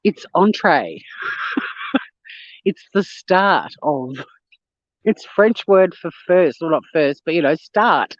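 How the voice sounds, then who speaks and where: A woman's voice: lowish voice, animated, slow pace, long pauses, no echo, dull audio. An Australian woman hosting a casual phone livestream, chatting with viewers, swearing freely and laughing often. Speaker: livestream host. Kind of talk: casual live chat reading viewer comments.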